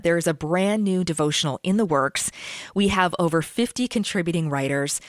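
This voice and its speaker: A woman's voice: lowish voice, no room sound, clean studio sound. A woman hosting a faith-based radio show in a chatty, upbeat way, laughing easily as she talks to listeners. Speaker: podcast host.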